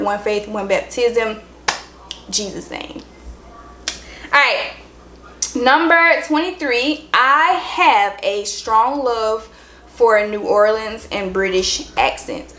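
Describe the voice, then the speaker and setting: A woman's voice: fairly high pitch, fairly bright tone, slight background noise. A young woman, chatting upbeat and directly to her viewers in a casual vlog. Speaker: vlogger. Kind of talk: casual chat to camera. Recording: roomy room echo.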